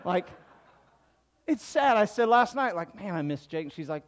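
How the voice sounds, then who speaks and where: A man's voice: high-pitched, sing-song, moderate pace. A middle-aged man, a pastor, giving a conversational sermon that builds to emphatic preaching.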